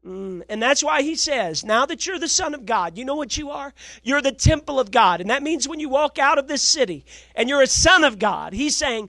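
A male preacher delivering a sermon who keeps asking his congregation if they are ready, swinging between loud declarations and hushed asides. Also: extremely high pitch, lively intonation, normal speed, few pauses, no echo. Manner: call-and-response, asks the congregation "you ready?".

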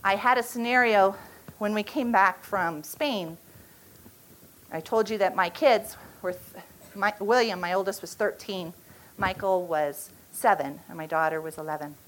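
A woman in her forties teaching at a church retreat, speaking earnestly with halting restarts and an emotional storytelling manner. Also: mid-range voice, poor audio.

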